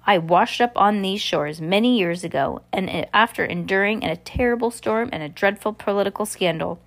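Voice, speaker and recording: A weary male castaway who longs for a quiet life, voiced by a woman reading a storybook aloud. He speaks plainly and sincerely at an ordinary middle pitch, with no put-on voice. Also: fairly quick, creaky. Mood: earnest.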